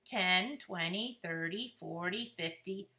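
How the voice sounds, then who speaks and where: A woman reading aloud, voicing an excitable, chatty four-year-old boy in a sing-song manner. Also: takes it slowly, heavily acted. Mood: eager. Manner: squeaky, sing-song, mimics cartoon voices.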